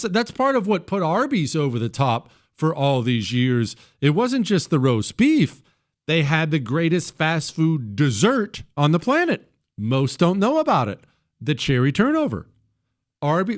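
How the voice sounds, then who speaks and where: Male talk radio host, slightly high voice, very lively pitch, joking banter, studio mic. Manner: joking, teasing an off-mic producer, riffing on headlines.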